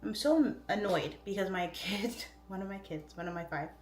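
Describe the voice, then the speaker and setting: A woman in her thirties, a real estate agent, hosts a casual livestream from home, reading comments aloud, goofy and easily distracted. Her voice is medium-pitched at a moderate pace, in an echoey room.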